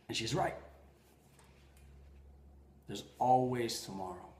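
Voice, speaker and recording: A man hosting a podcast, telling personal stories in an animated way, swinging between loud bursts and quiet asides. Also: medium pitch, very slow. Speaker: podcast host. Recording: roomy echo.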